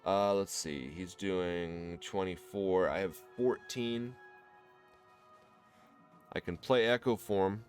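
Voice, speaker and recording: A man with a Midwestern accent, casually commenting on his own card game run and thinking out loud to viewers. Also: sits low, slow, long pauses, faint music behind. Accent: American Midwest. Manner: thinks aloud, explains card choices to viewers. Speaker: gameplay commentator. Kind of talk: relaxed let's-play commentary.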